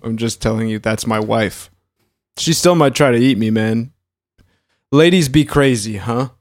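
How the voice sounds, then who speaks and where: A man's voice: mid-range voice, measured pace, no echo. Man, podcast banter, blunt, mock-indignant, crude jokes, dry close sound. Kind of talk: casual comedy podcast banter.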